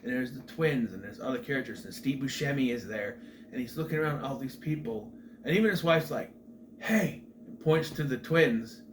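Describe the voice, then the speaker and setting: A man's voice: mid-range voice, brisk. A middle-aged man casually recapping a film as a show host, rambling with chatty asides and restarts. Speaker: movie review host. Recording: faint background noise.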